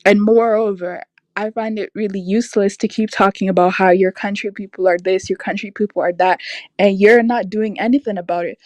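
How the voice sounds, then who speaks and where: A woman's voice: medium pitch, fairly even intonation, a little fast, darkish tone, dry recording. A young woman hosting a livestream, ranting in a casual, emphatic, exasperated way with lots of "like" fillers. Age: young adult. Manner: exasperated, emphatic, frequent "like" and laughs. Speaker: livestream host. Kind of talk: casual opinion rant on a stream.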